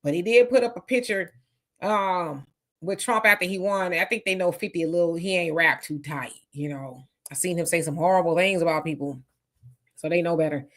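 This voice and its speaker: A woman hosting a casual live commentary, reading viewer comments aloud and reacting in an outspoken, animated way. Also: lowish voice, moderate pace.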